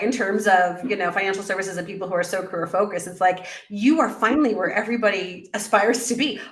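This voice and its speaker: A middle-aged woman, a business coach guest in an interview, telling her story in an animated way and acting out her own past remarks. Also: medium pitch, echoey room. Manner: animated storyteller, quotes herself in lively voices. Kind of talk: conversational interview.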